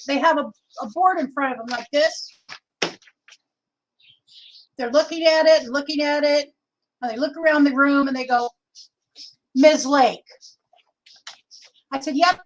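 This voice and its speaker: A woman's voice: high-pitched, fairly bright tone, low-quality recording. A middle-aged woman from Oregon hosting a casual livestream, chatting and reading viewer comments aloud. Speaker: livestream host.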